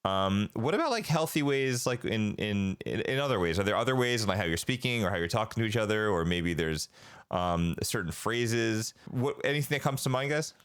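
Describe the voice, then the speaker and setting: A man's voice: fairly low pitch, lively intonation, a little fast, a bit bright, clean tone. A man in his forties co-hosting a parenting podcast, talking in a rambling way with lots of fillers and restarts. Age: 40s. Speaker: podcast co-host. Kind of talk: casual chat.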